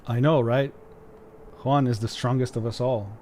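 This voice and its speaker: A man's voice: medium pitch, fairly even intonation, moderate pace, darkish tone. A man from Quebec jokes his way through a game, talking to his chat and reacting to what he finds. His voice sits in a middling range, with a faint ambient hum behind him. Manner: joking, reads game text aloud in dramatic voice. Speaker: gaming streamer. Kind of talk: casual let's-play commentary.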